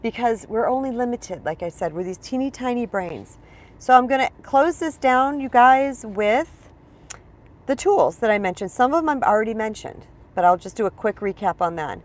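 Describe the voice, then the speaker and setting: A woman's voice: a little high, lively intonation, normal speed. A woman speaking as a spiritual coach in a casual teaching monologue, chatty and emphatic, often checking in with her listeners.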